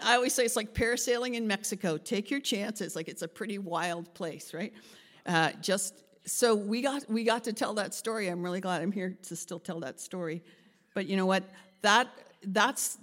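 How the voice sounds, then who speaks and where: A woman pastor preaching a sermon, telling a story with lively acted-out voices and frequent laughs. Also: mid-range voice, moderate pace, in a large hall. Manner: animated, acts out voices in her story, laughs often.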